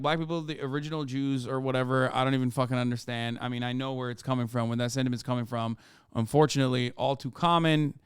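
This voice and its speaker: A man's voice: mid-range voice, fairly bright tone, clear, resonant tone, no echo, clean studio sound. A man in his thirties streaming, reacting to clips with profane, exasperated commentary.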